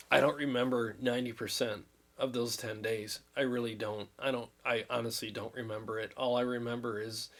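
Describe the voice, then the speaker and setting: Man, fifties, casual livestream talk, earnest, rambling. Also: medium pitch. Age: 50s. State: recovering from illness, drained. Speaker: livestream host.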